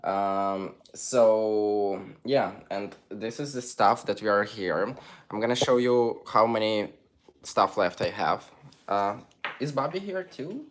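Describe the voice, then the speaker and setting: A man's voice: fairly low pitch, takes it slowly. A young man with a Ukrainian accent, chatting casually on a livestream and reading viewer comments aloud. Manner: chatty, reads comments aloud, non-native phrasing. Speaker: livestream host.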